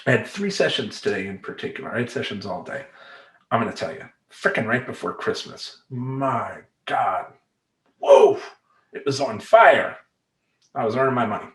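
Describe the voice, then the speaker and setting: A middle-aged man talks straight to camera as a life coach. His voice sits at an ordinary pitch, and he speaks in an emphatic, streetwise manner with plenty of slang. The recording carries a roomy echo. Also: expressive, normal speed, a bit bright. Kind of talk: talking-head vlog monologue. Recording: roomy echoey room.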